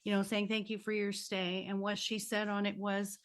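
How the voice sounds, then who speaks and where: A woman hosting a podcast and coaching, telling stories with lively acted-out quotes and closing with an upbeat sign-off. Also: mid-range voice, moderate pace. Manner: animated storyteller, acts out quoted voices. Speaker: podcast host and life coach. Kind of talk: casual interview chat.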